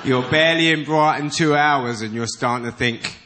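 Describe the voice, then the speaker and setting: London stand-up comic, noisy theatre. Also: male voice, mid-range voice, moderate pace. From East End of London. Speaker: guest comedian. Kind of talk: stand-up comedy routine. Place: large theatre with live audience.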